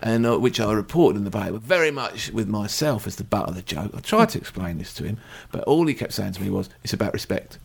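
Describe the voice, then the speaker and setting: A middle-aged man chatting on a podcast, his voice gravelly and full of swings in pitch. He tells stories with a wry, self-mocking edge. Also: lively intonation, quick pace, hardly any pauses. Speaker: podcast co-host. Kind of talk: casual chat.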